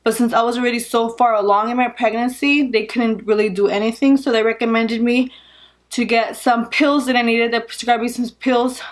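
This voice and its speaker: A young woman vlogger telling a personal story in a casual, animated way, laughing often and saying "like" a lot. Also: a little high, fairly quick.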